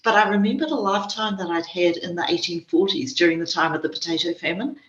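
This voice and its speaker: A woman with a New Zealand accent, a spiritual teacher speaking as a guest and telling stories in a gentle, earnest way. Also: lowish voice, fast talker. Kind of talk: reflective interview conversation. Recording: dull echoey recording.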